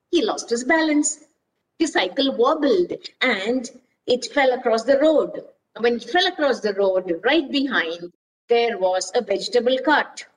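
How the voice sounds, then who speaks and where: A woman reads a children's story aloud, expressive and stopping to question her listeners. Her voice is high and her pace unhurried. She sounds a little away from the mic. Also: a little hiss or hum. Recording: voice distant from mic.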